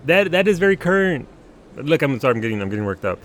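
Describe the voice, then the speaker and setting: A man's voice: medium pitch, fast, a little hiss or hum. A man streaming a game live, chatting casually with his viewers, laughing often and restarting his sentences. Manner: animated, laughing, stammering restarts. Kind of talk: casual live gameplay commentary.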